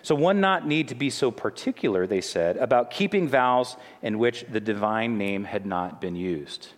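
A man's voice: fairly low pitch, lively intonation, moderate pace. Middle-aged guy preaching, chatty and stumbly, voice rings out in a big echoey church. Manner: conversational preaching with frequent restarts. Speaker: pastor. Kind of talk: sermon. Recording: long hall reverb.

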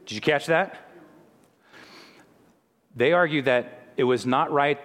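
A man's voice: fairly high pitch, slow, pauses often, fairly bright tone. A middle-aged man preaching a sermon in a conversational way, often restarting his sentences. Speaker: pastor. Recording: long hall reverb.

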